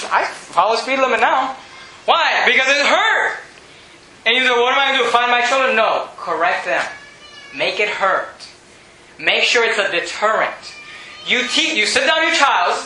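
Preacher guy, high and sharp, shouty and repetitive, echoey room, faint hum behind. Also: expressive, unhurried. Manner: emphatic, repetitive, often shouting. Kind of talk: sermon.

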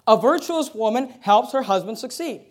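High-voiced man preaching a sermon. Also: expressive, moderate pace. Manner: exhorting preacher, swings between loud emphasis and quiet asides. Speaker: pastor.

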